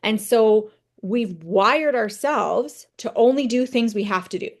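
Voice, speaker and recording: Speaking a little slowly at a fairly high pitch, a woman runs a motivational team training. She keeps it conversational, tells her own stories to drive points home, and tags them with "right?"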